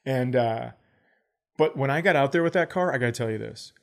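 A man's voice: medium pitch, brisk, vocal fry. A man in his forties telling a comic story on a podcast, acting out both sides of the conversations as he goes. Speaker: podcast co-host, comedian. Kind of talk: casual storytelling chat.

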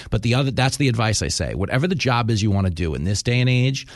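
A man's voice: medium pitch, fast, dry recording, clean studio sound. A man with a New York accent, a radio host and comedian, chatting casually in an interview and acting out voices in his stories. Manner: animated storyteller, acts out voices in anecdotes.

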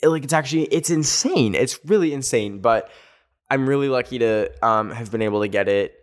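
Male podcast host, casual and sassy, animated storyteller. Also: mid-range voice, a little fast. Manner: animated storytelling, sassy asides, acts out quotes. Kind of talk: casual chat.

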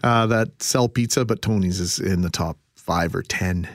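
A man's voice: low voice, moderate pace, no echo. A Canadian man co-hosting an afternoon radio show, telling stories and joking in casual banter from the studio. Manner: chatty, storytelling, joking. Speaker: radio co-host. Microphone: studio microphone.

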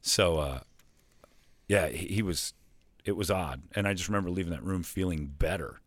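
Man, very low voice, radio host, loose rambling chat, dry close mic. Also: normal speed, dry recording. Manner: rambling storyteller, lots of restarts and impressions. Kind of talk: casual podcast chat.

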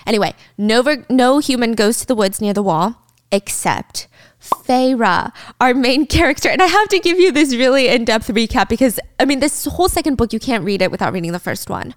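Animated woman recapping a book. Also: fairly high pitch, fairly quick, no echo, studio quality. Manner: animated storyteller, slips into character quotes. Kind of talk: casual book recap chat.

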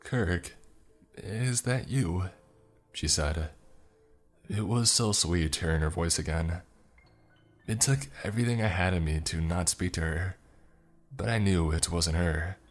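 A man reading a first-person horror story in a slow, grave storytelling manner. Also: deep voice, soft background music. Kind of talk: scripted horror narration.

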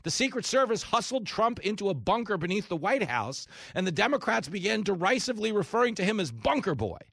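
Sarcastic high-voiced talk radio host. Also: male voice, bright, forceful tone, no echo, clean studio sound. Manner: sarcastic, mocks opponents in shrill mimicking voices. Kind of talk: opinionated monologue.

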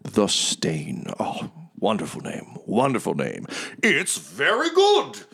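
A man's voice: lowish voice, wildly swooping pitch, slow, vocal fry, a bit bright, slightly rough, heavily acted. A man playing a gushing tiger merchant. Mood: effusive. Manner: effusive, apologetic, flowery. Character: gregarious smooth-talking male tiger merchant.

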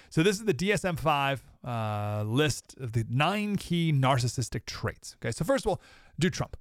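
A man's voice: on the high side, fairly bright tone, dry recording. Sarcastic male podcast host, dry close mic. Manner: emphatic and sarcastic, with mocking put-on quotes. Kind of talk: opinionated commentary monologue.

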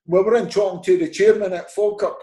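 A former footballer from Scotland, appearing as a podcast guest, tells anecdotes in casual chat, acting out the dialogue and laughing often. His voice is high-pitched and fairly quick, and the sound is roomy.

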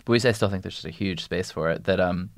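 Low-voiced man talking in a dry room. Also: fairly even intonation, fast talker, no echo. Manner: rambling, many restarts and "like" fillers. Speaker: podcast guest, news editor. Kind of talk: casual interview conversation.

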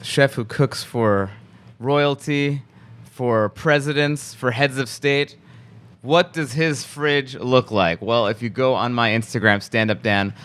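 A man's voice: mid-range voice, slow pace, fairly bright tone, clear, resonant tone. A man hosting a podcast, a comedian bantering with his guest in a joking, teasing way with crude humor.

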